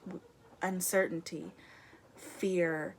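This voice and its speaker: Slow-talking young woman, chatty vlog. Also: fairly low pitch, steady tone, vocal fry, slight background noise. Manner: rambling, chatty, laughs often. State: a little out of breath. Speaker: vlogger. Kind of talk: casual chat to camera. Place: her room at home.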